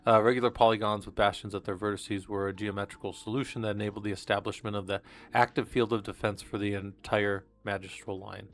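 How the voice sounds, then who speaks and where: A man's voice: fairly low pitch, level tone, fast talker, fairly bright tone. A man reading research papers aloud on a live stream and commenting casually between passages, with fillers and restarts. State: coughing, hiccups.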